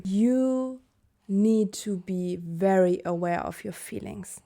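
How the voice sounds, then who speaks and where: Earnest young woman teaching from Germany. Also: mid-range voice. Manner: earnest, candid, corrects herself with a laugh. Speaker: Human Design teacher. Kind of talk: explanatory video lesson.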